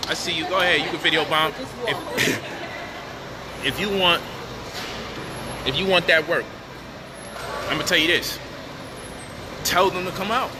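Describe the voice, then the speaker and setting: A man's voice: on the high side, steady tone, unhurried, long pauses. A man boasting and talking casually with streetwise slang, addressing viewers about debating and teaching. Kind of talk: boastful casual talk to camera. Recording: noisy street ambience.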